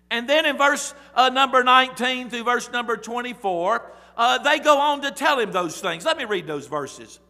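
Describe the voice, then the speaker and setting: A man preaching a sermon, reading scripture and now and then raising his voice to loud emphasis. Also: extremely high pitch, animated, moderate pace. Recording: long reverb of a large hall.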